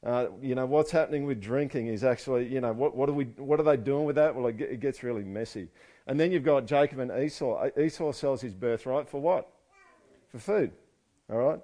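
A man's voice: medium pitch, a little fast, dark tone. A man preaching a casual sermon full of joking, sarcastic asides. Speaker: pastor.

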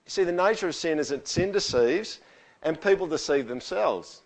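A man preaching a sermon to a congregation in a conversational style, turning animated as he acts out quotes. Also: fairly high pitch, normal speed. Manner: conversational, animated when quoting. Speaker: pastor.

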